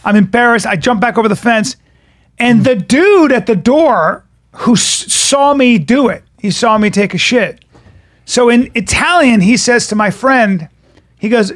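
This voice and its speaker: Animated, profane man from New York. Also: very high voice, a little slow. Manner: profane, animated storytelling with restarts. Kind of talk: casual podcast chat.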